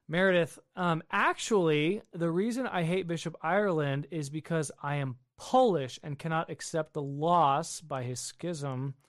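A man's voice: on the high side, no echo, clean studio sound. A man hosting a casual livestream from his home basement, reading viewer questions aloud and answering them offhandedly. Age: adult with wife and children. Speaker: livestream host answering chat. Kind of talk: casual live-stream chat.

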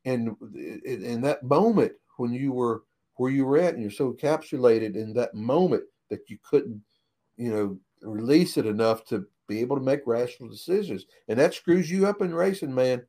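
This retired race car driver has a mellow, mid-range voice with lively intonation and a moderate pace. Guesting in a casual interview, he recounts old racing stories in a folksy, plain way, swearing freely and adding "right?" to his sentences.

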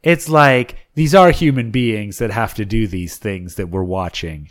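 A young man co-hosting a podcast, riffing playful jokes in a casual, animated way. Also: on the low side, a little slow. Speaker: podcast co-host.

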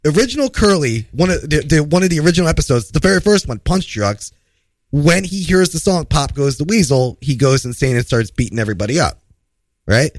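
A man spins a long, rambling yarn in an easygoing chat, his pitch rising and falling with every turn. He sounds like an improv comedian trading stories on a show. The recording is close and dry, with no room around it. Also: fairly quick, no echo. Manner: rambling, animated storyteller. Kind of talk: casual storytelling chat.

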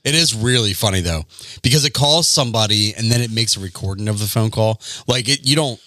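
Low, bright-toned podcast co-host. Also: male voice, animated, brisk, dry recording. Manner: explaining, laid-back and wry. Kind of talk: casual crude chat.

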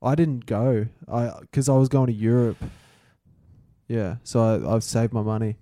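Joking young Australian man, mellow voice. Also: mid-range voice, steady tone, dry recording. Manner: joking, quick banter, swears freely. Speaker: podcast co-host. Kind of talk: casual chat.

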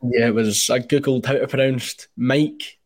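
A man talks football in a measured, conversational way. His voice sits at an ordinary, middling pitch for a man. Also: steady tone. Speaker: podcast guest. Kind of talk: casual football chat.

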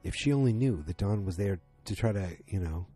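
Faint music plays behind a man whose voice is lowish, dark, and expressive, his pace a little fast. Recapping a TV episode in a casual, rambling style, he fills it with fillers and restarts and performs the characters' quotes.

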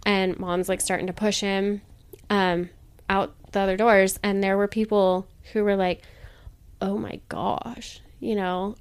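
A woman guest on a podcast tells a story in a loose, conversational way. She often slips into other people's voices to act out what they said, then drops back into her own even, mid-pitched voice. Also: measured pace, clear, resonant tone. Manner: animated storyteller, acts out others' lines. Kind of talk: casual chat, storytelling.

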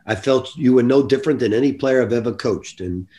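An older man speaks as a guest on a podcast, telling his stories in an earnest, reflective way. His voice sits at an ordinary middle pitch. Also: fairly quick, mellow. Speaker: basketball coach, guest. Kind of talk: podcast interview.

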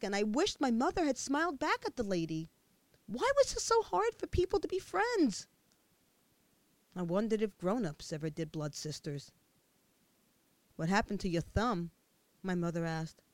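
A woman narrating a first-person memoir as an expressive audiobook reader with a childlike viewpoint. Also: mid-range voice, no echo.

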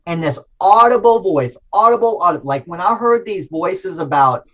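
A man as an interview guest, telling a personal story in a casual, animated way, full of slang and restarts. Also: high voice, moderate pace, dull audio.

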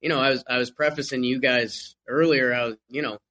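Bright, animated male sports-podcast guest. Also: medium pitch. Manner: animated, quick restarts. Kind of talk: casual sports chat.

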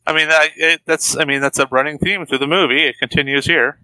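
Man, podcast co-host, bright forceful voice, dry close sound, casual film commentary. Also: a little high, fairly even intonation, fairly quick, no echo, poor audio. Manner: adds context and commentary on the film's era. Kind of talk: casual film-discussion chat.

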